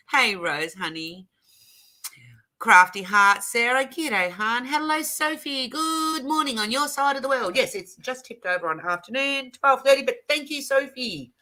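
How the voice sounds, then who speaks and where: A woman's voice: high-pitched, measured pace, pushed and bright. An Australian woman hosting a casual craft livestream from her home craft room, chatting and greeting viewers one by one. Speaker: livestream host.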